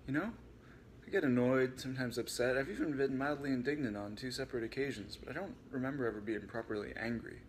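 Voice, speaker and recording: A man voicing a frank, weary young man who is quietly upset. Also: medium pitch, fast, slight background noise, voice pushed up, lightly acted.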